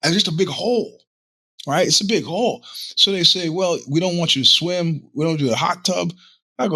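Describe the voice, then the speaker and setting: A man's voice: a little high, fairly quick, gravelly, sharp tone, dry recording. A middle-aged man hosting a podcast, telling a rambling, profane story in a casual monologue with many restarts. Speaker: podcast host.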